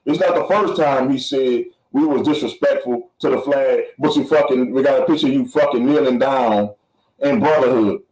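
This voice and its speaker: A man's voice: medium pitch, moderate pace, a little mellow, roomy sound, rough recording. A man hosting a podcast, ranting angrily with heavy profanity and lots of repetition for emphasis. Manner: heated, profane, repeats himself for emphasis. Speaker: podcast host. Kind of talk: angry podcast rant.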